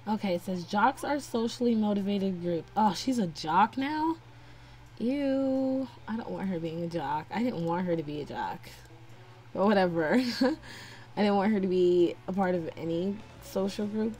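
A woman's voice: medium pitch, moderate pace, darkish tone. A young woman giving casual let's-play commentary, chatting to her game characters as she plays. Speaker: gameplay narrator. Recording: faint game music behind.

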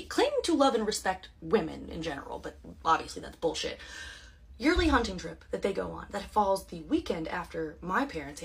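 Husky-voiced woman, sarcastic and rambling. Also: mid-range voice. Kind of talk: casual social media monologue.

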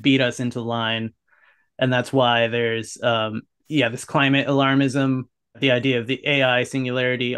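A man's voice: medium pitch, fairly bright tone. Easygoing male podcast host. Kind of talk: casual interview talk.

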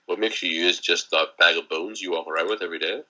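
A man's voice: deep voice, fairly even intonation, fast, bright, forceful tone. A young man co-hosting a podcast, rambling and teasing in casual banter and swearing freely. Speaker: podcast co-host. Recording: dull lo-fi podcast audio.

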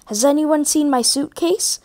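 A woman's voice: high-pitched, unhurried, warm tone, voice pushed up. Woman doing a flustered fussy vicar. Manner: fretful and exclaiming. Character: flustered kindly male village vicar.

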